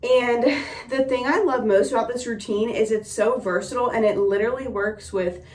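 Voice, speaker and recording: A woman's voice: on the high side, moderate pace, darkish tone. A young woman giving a casual hair tutorial in a chatty, friendly way with lots of fillers, slightly out of breath. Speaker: beauty vlogger. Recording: roomy echo, mic a bit distant.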